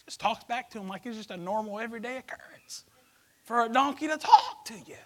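A man preaching a sermon, acting out a story in character voices and swinging between shouted lines and hushed whispers. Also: very high voice, lively intonation, a little fast.

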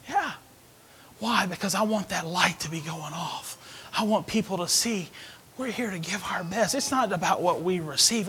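A man preaching a sermon as associate pastor, swinging between hushed whispers and loud emphatic calls. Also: high-pitched, fairly even intonation, moderate pace, slightly rough. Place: church sanctuary.

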